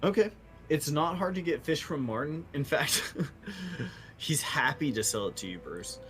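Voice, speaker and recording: A man's voice: on the high side, lively intonation, unhurried, a bit bright, faint music behind, rough recording. Laid-back man running a tabletop game. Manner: casual, swears freely. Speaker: game master.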